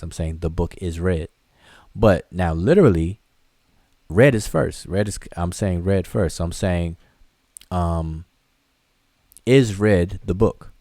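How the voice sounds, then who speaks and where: Answering viewers' questions during a live online class, this hieroglyphics teacher explains things casually, with plenty of restarts and fillers. His low, mellow voice comes through in studio quality with no echo.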